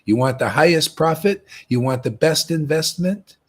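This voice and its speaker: Male spiritual teacher, husky, lively swoops in pitch, rambling storyteller. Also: moderate pace. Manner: rambling, animated storytelling that mocks other devotees. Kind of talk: informal spiritual talk.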